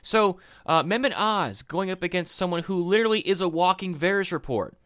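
A man hosting a podcast, giving solo political commentary in a rambling, animated way and often repeating himself. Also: sits high, moderate pace, clean tone, no echo, studio quality. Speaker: podcast host.

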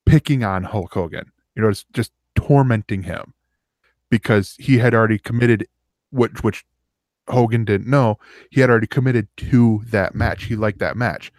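A man's voice: lowish voice, moderate pace, no echo, studio quality. A man co-hosting a podcast, telling a long rambling story in casual chat and acting out the quotes. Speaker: podcast co-host.

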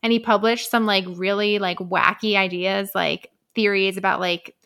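Bright-voiced young woman, rambly and casual. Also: medium pitch, steady tone, normal speed, clear, resonant tone. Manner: rambling, filler-heavy, swears, laughs often. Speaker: podcast co-host. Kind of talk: casual chat, book recap.

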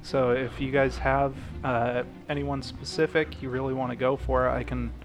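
A man with a mid-range voice riffs in an improvised comedy chat. He speaks in a dry, halting, mock-serious way, often restarting his phrases. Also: medium pitch, little pitch movement, faint music behind.

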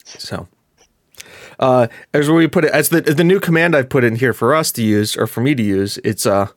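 A man's voice: mid-range voice, moderate pace, dry recording, clean studio sound. A man co-hosting a live-streamed podcast, chatting loosely and stumbling over his words. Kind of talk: casual banter.

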